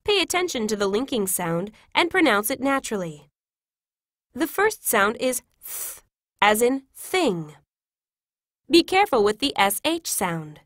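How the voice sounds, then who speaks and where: A woman reading example classroom phrases in a clear, careful, instructive way. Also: on the high side, big pitch swings, measured pace, no echo, clean studio sound. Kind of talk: scripted reading of example sentences.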